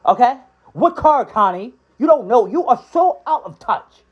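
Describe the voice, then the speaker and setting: With a very high-pitched, breathy-edged voice and lively intonation, a man who once taught school rants at a moderate pace on a recorded call. He's rambling and worked up, saying "dude" and asking "right?" again and again.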